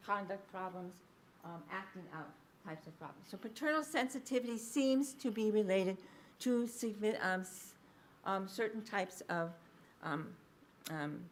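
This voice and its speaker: A woman's voice: mid-range voice, a bit bright. Woman lecturing, chatty with fillers. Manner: conversational, with frequent fillers and "okay?" check-ins; restarts and self-corrections mid-sentence. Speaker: researcher giving a public lecture. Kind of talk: public lecture. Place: library lecture space.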